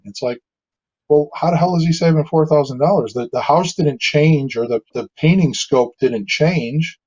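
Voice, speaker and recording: A man tells stories on a podcast, pitched a little high, with a mellow, relaxed tone. He breaks into quick impressions of clients as he goes. The sound is a bit dull and lo-fi. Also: husky. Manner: storytelling, acts out quoted clients in animated asides. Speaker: guest, builder and designer. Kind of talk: casual podcast conversation.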